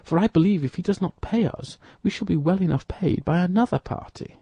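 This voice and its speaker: A man reading an audiobook, voicing a bold, quick-witted young male musketeer who talks in a commanding, brisk way. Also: sits high, mellow, breathy edge, no room sound, pitched above the performer's own voice.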